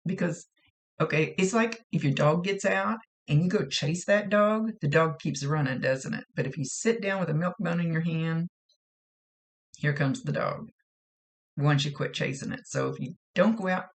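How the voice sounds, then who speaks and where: A woman psychic medium giving a casual spirit reading in a chatty, self-deprecating way, often repeating herself. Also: deep voice.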